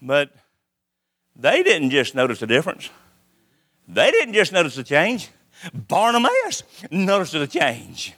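Preacher guy, bright sharp voice, slow dramatic sermon. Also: on the high side, wildly swooping pitch. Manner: dramatic, swings from loud to hushed.

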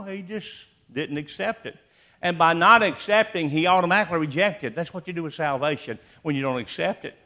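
Pastor, male, slightly high voice; impassioned altar-call sermon, pleading questions, big swings in volume. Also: fairly quick. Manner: pleading, repeating urgent questions, swings from hushed to loud. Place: church sanctuary.

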